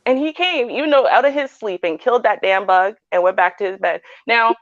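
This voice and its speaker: A woman's voice: medium pitch, brisk, dry recording, lo-fi sound. A woman with a Canadian accent, a panelist in a casual chat, telling stories animatedly and often asking "right?". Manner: animated storytelling with frequent "right?".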